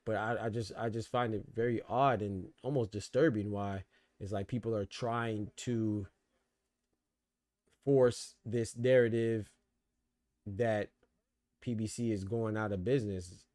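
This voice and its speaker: A man's voice: lowish voice, steady tone, measured pace, long pauses, a little mellow, no room sound. Slangy male boxing podcast host. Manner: loose slangy talk, laughs hard at jokes. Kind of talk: casual live commentary.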